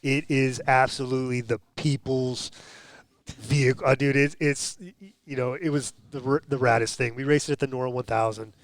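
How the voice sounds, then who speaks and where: A man's voice: medium pitch, moderate pace, no echo. A man tells racing stories on a podcast in a mid-range voice, full of restarts and voiced quotes. The sound is close and dry. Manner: animated storyteller, restarts and acts out quotes. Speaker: guest. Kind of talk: casual podcast chat.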